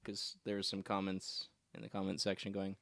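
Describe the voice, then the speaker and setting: A man's voice: deep voice, monotone, fairly quick, creaky, a bit bright, no echo. A young man co-hosting a gaming podcast, explaining a news story with some hesitation. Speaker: co-host. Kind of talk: casual chat.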